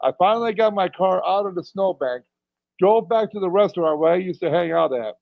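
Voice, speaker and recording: A man's voice: high voice, animated, fairly quick, gravelly, no room sound. A middle-aged man, a pro wrestler as podcast guest, telling rambling anecdotes and chuckling between lines. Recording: dull, dry lo-fi audio.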